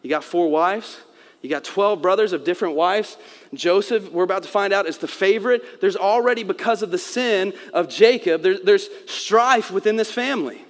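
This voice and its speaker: A man's voice: high-pitched, moderate pace, long reverb tail. A man preaching a sermon, explaining scripture in a conversational way and acting out quotes. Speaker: pastor.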